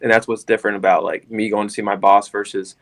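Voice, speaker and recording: A man's voice: on the low side, flat delivery, fast. A young man co-hosting a podcast in casual chat, earnest and rambling with lots of fillers.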